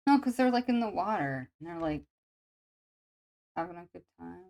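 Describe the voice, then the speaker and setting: A woman's voice: on the low side, lively intonation, normal speed, gravelly, darkish tone. A woman artist chatting casually while drawing on stream, rambling and self-deprecating. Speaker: artist streaming sketch commissions.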